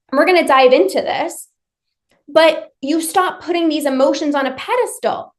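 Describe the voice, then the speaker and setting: A woman's voice: high voice, normal speed. A woman leading a live online workshop, speaking to her viewers directly with emphatic, repetitive phrasing.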